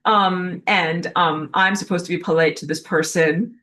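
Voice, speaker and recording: A woman's voice: fairly low pitch, steady tone, measured pace, a bit bright. Rambling woman giving a casual spiritual talk. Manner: rambling, heavy use of fillers like "like" and "um". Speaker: spiritual teacher. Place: indoors at home, in an apartment.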